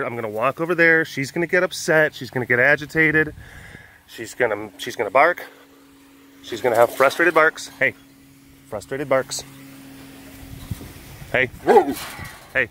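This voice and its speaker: A man keeping big cats, narrating a casual vlog outdoors and cooing softly at the animals in baby talk. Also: mid-range voice, moderate pace, long pauses, a little hiss or hum. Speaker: big cat keeper.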